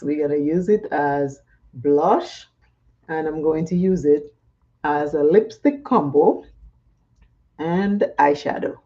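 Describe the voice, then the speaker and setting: A woman's voice: low voice, dark tone. A woman chatting casually and laughing often while she does her makeup for a vlog. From Caribbean. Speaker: makeup vlogger. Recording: dull lo-fi sound.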